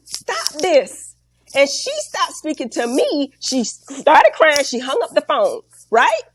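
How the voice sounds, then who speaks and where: A woman's voice: sits high, sing-song, a little slow, no echo. A woman in her forties telling a story bluntly and animatedly in an interview, with slang and profanity, emotional and close to tears. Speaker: guest. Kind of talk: candid interview talk.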